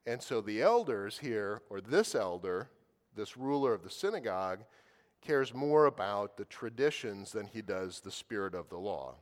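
A man's voice: lowish voice, lively intonation, normal speed, in a large hall. A man preaching a conversational sermon, often repeating words as he gathers his thoughts. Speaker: pastor.

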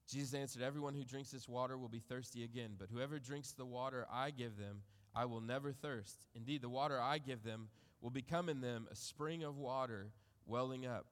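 A man preaching a sermon, reading scripture aloud and reflecting on it in a measured way that trails off softly at the ends of phrases. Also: medium pitch, big-room sound. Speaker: pastor.

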